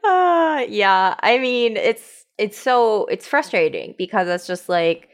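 A woman in casual podcast chat who talks slowly and unhurriedly. She laughs often and keeps the talk going with drawn-out agreement. Her manner stays relaxed and easy. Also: medium pitch, smooth. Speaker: podcast co-host.

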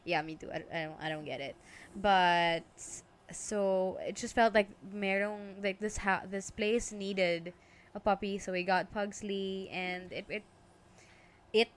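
A woman's voice: mid-range voice, fairly even intonation, measured pace. A young Filipino woman co-hosting a casual podcast, chatting and giggling as she mixes English and Tagalog. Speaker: podcast co-host. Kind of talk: casual couple podcast chat. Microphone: podcast microphone.

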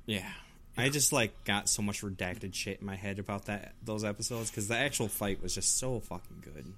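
A man's voice: fairly low pitch, moderate pace, fairly bright tone. A man chatting casually as a podcast co-host, laid-back and jokey. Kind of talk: casual chat.

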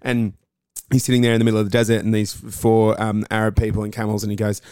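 A man's voice: fairly low pitch, flat delivery, quick pace, few pauses, darkish tone, clear, resonant tone, no echo, studio quality. A man co-hosting a casual podcast chat, telling stories in a giggly, rambling way, speaking into a handheld mic while seated in a chair. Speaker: podcast co-host.

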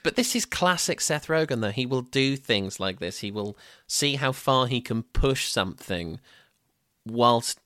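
A man's voice: medium pitch, lively intonation, unhurried, sharp tone, no room sound, studio quality. A man co-hosting a casual film review podcast, rambling and laughing as he recaps scenes. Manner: laughing, rambling, self-correcting. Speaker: podcast co-host.

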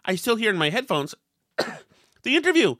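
A man's voice: high voice, very animated, moderate pace, fairly bright tone, dry recording, clean studio sound. A man hosting a podcast, telling a self-deprecating story in casual chat and acting out the quotes with lots of animation. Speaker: podcast host.

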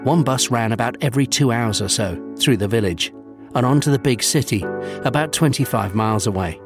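A man narrating a children's storybook, savouring lists with gentle humour. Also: mid-range voice, a little fast, music in the background.

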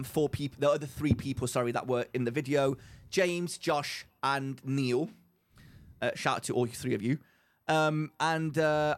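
A young man co-hosting a podcast, telling a story in casual chat and acting out the voices of the people he quotes. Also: medium pitch. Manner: animated storyteller who acts out quotes. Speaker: podcast co-host.

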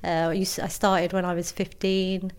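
A woman's voice: lowish voice, moderate pace, clear, resonant tone. A woman, talking frankly and animatedly as an interview guest. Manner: frank, animated, laughing easily. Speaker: guest, author. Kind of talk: interview conversation.

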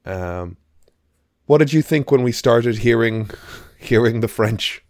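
A man's voice: mid-range voice, expressive, slow pace, a little mellow, no room sound, studio quality. A man co-hosting a podcast, chatting casually about a film in a rambling, emphatic way with the odd swear. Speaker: podcast co-host. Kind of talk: casual film review chat.

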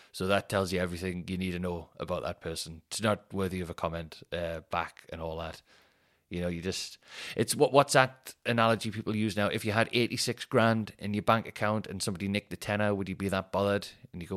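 A man's voice: sits low, fairly even intonation, a little fast, a bit bright. A man hosting a podcast, rambling and swearing, often laughing at his own stories. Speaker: podcast host and comedian. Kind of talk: casual solo podcast chat.

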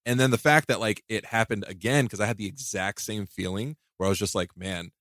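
A man's voice: lowish voice, fairly quick, fairly bright tone, no room sound, clean studio sound. Rambling, laughing male podcast host. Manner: rambling, self-mocking, many restarts and laughs. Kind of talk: casual podcast chat.

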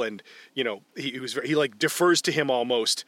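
A man in casual movie commentary chat, retelling scenes in a profane, animated way. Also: mid-range voice, fairly quick, dry recording. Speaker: podcast co-host.

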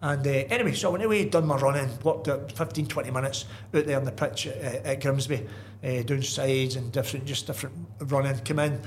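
A middle-aged man, a guest telling lively stories in casual chat, full of asides and restarts. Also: medium pitch, a little fast, a little hiss or hum. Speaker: guest, football manager. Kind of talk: casual anecdotal storytelling.

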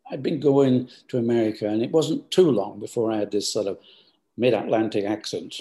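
An older man telling stories from his business life in an interview. His voice is gravelly and worn at the edges. He rambles, stops and restarts his sentences as he feels his way back through the past. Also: lowish voice, fairly quick, warm tone. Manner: rambling, hesitant, many restarts. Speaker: business founder. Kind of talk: storytelling interview answers.

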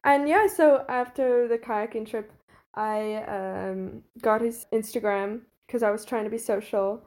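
A woman's voice: on the high side, fairly even intonation, unhurried, darkish tone. A young woman in college telling a story in casual chat, rambling and giggly with lots of fillers. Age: young adult.

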